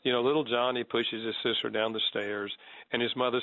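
A man talks through his ideas in a measured, teaching way, voicing example apologies as he goes. The sound is dry and a little dull, with no room echo. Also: medium pitch, little pitch movement. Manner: measured, explanatory, acts out sample apologies. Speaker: guest author on apology. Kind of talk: conversational teaching.

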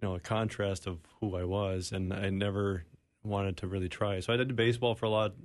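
A man from Minnesota, a studio guest on a radio show, sharing his personal testimony in a halting, self-deprecating way. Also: lowish voice, fairly even intonation, dry recording.

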